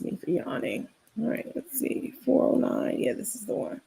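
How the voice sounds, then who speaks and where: A woman's voice: on the high side, huge pitch swings, normal speed, creaky, warm tone, slightly rough. A woman hosting a livestream, chatting casually and digressing as she gossips and talks straight to her viewers. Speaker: livestream host.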